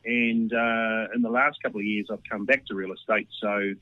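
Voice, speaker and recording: A man from New Zealand in his thirties with a New Zealand accent, a guest talking casually over the phone in a relaxed, rambling way. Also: lowish voice, moderate pace, no echo. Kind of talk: casual chat. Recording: tinny phone line.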